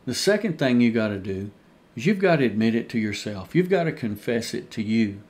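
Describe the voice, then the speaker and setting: A man's voice: medium pitch, very animated, fairly quick, darkish tone. A man pastor teaching a Bible study in an earnest manner, repeating his key points and calling his listeners dear friends.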